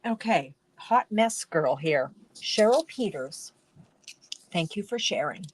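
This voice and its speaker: A woman's voice: lowish voice, lively intonation, takes it slowly. A woman hosting a casual card-making live stream from her home craft room, chatting in a rambling way and often breaking off mid-sentence. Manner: chatty, rambling, self-interrupting.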